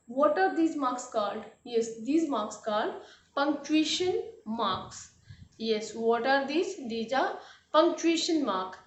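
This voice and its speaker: High-voiced woman teaching grammar. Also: roomy sound, distant mic, a little hiss or hum. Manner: slow, repetitive classroom explaining. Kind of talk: grade-school grammar lesson.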